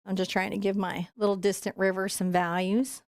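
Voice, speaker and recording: Lady painting teacher, soft soothing voice, chatty, dry close sound. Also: mid-range voice, little pitch movement, a little fast, no echo. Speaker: painting instructor. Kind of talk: live painting tutorial.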